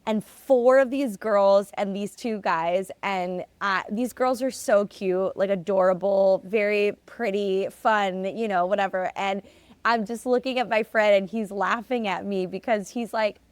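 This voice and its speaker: A woman's voice: mid-range voice, measured pace, no room sound. A young adult woman hosting a solo podcast, casually telling stories in a chatty way with lots of filler words. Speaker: podcast host.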